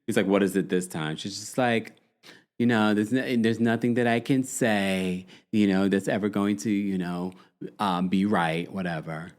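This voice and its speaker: A man's voice: lowish voice, steady tone, measured pace. A man hosting a podcast, chatting casually in slang and acting out quotes from the people he talks about. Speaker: podcast host. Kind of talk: casual recap commentary.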